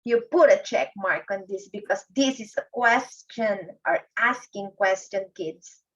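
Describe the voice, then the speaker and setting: Slow, patient grade one teacher woman. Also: mid-range voice. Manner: patient, drawn-out, addresses kids often. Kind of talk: slow classroom lesson for children. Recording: dull lo-fi recording.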